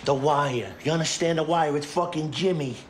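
A man's voice: a little high, normal speed, slight background noise, lightly acted. An actor playing a volatile, profane middle-aged mob boss who interrogates his crew. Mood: furious. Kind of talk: TV crime drama acting.

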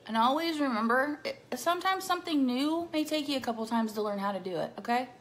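A middle-aged woman makeup vlogger chats casually through a tutorial, bubbly and playful, throwing in silly rhyming words. Her voice sits high and is expressive, her pace quick, with a little hiss or hum in the audio.

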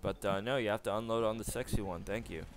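A man's voice: on the low side, fairly even intonation, quick pace. Sarcastic man ranting over gameplay. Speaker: gamer commentator. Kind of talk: profane gameplay commentary. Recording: game audio noise behind.

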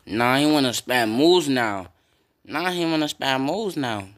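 A young man casually commenting on his own football video game, swearing and breaking into loud yells at big plays. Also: medium pitch, lively intonation, measured pace. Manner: reactive, swears often, bursts into loud yells.

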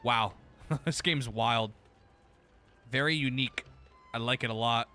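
A man's voice: mid-range voice, a little slow, long pauses, pushed and bright, soft background music. A man streaming a game, giving casual commentary, laughing often and swearing casually.

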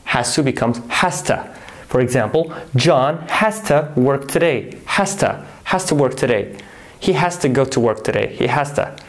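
Man teaching English phrases slowly. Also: mid-range voice, expressive. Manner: slow careful modelling of phrases, repeating each example; corrects himself mid-sentence. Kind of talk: online language lesson.

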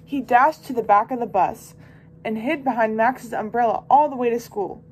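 A woman volunteer reading a children's picture book aloud with expressive, lively storytelling. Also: on the high side, normal speed, a little hiss or hum. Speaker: volunteer reader.

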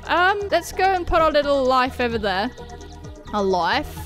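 Animated, high-voiced woman gamer. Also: moderate pace, soft background music. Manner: excitable, self-mocking, swears and yelps. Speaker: gaming YouTuber. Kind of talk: let's-play commentary.

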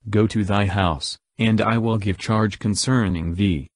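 Grave, merciful old king, read by a man; low, dry voice. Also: steady tone, dry recording, lightly acted. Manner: measured, solemn reading. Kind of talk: scripture reading.

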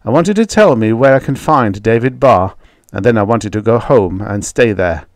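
Brief: man voicing a steady, authoritative corporal, clipped and firm, slightly low voice, dry mic. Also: moderate pace, no room sound. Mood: calm firm. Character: cool, commanding male undercover soldier.

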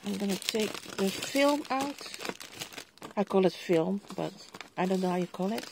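A woman's voice: medium pitch, expressive, moderate pace, creaky, a little mellow, a little hiss or hum. A middle-aged Dutch woman with a Dutch accent, chatting casually to viewers as she unboxes a crafting haul at her desk and exclaims over each item. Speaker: vlogger.

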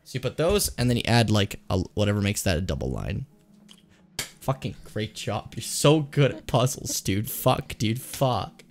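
A man's voice: lowish voice, sing-song, normal speed. A man coaching a video game player on a livestream, swearing casually, teasing, and laughing often.

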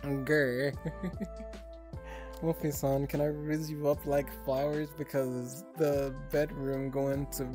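A woman's voice: a bass voice, level tone, slow, music in the background. A woman streamer reading out chat messages in casual talk, giggling, flustered and swearing a lot, often stuttering.

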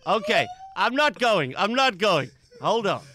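A man with a fairly high voice, speaking steadily over a noisy line. He stays calm and needling and plays innocent. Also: a little slow. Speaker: radio prank caller, host. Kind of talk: prank phone call.

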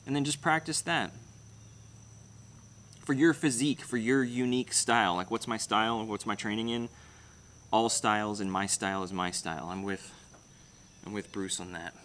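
Slight background noise sits under a young host's fairly low, bright-edged voice, with fairly even intonation, normal speed and frequent pauses. He rambles bluntly through viewer comments in a casual livestream chat, swearing freely.

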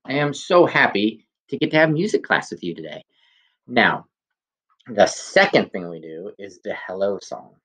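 A male music teacher leading a recorded kindergarten class, speaking gently and encouragingly and singing simple children's songs. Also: lowish voice, lo-fi sound. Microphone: phone.

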